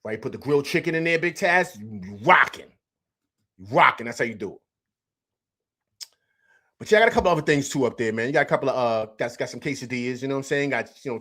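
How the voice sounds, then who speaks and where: A man's voice: medium pitch, fairly bright tone. A man hosting a live stream, chatting casually in slang, repeating himself and answering viewers from the chat. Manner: loose slangy talk, repeats himself, reads chat aloud.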